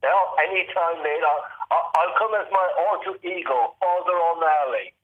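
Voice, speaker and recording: An Australian man phones in to the show, friendly and easygoing, calling everyone mate. His voice sits fairly high and comes through a thin, tinny phone line. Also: moderate pace. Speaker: caller.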